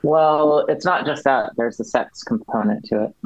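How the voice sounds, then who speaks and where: A man on as a guest, explaining policy at length in a halting way, with many restarts and fillers. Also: medium pitch, no room sound, lo-fi sound. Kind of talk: explaining policy in a podcast chat.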